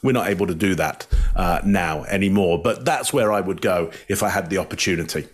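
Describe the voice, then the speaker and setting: A man's voice: low voice, a little fast. A man in a casual panel discussion, breaking down speech patterns and acting out quoted lines. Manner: analytical, acts out quoted lines. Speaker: body language analyst.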